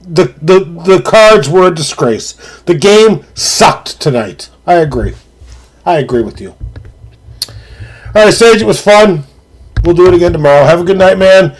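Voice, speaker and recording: A man's voice: sits high, expressive, moderate pace, low-quality recording. A man streaming a video game live, cursing and mock-ranting at his co-player over a lost run. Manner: profane, mock-angry ranting.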